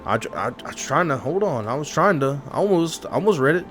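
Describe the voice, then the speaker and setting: A man giving casual, excitable gameplay commentary, talking to his chat and saying dude a lot. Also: a little high, fairly quick, faint music behind. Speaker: gaming video host.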